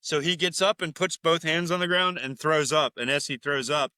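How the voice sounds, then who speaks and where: Male podcast co-host, casual and crude, bright tone, dry close sound. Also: fairly high pitch, fairly even intonation, normal speed, clean tone, dry recording. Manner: rambling, profane, laughing loudly, mimicking characters. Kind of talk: casual chat recapping a film.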